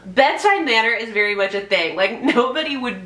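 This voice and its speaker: A woman's voice: on the high side, lively intonation, moderate pace, pushed and bright, roomy sound. A young woman giving a casual, profane, sarcastic movie review and mimicking characters in mock voices.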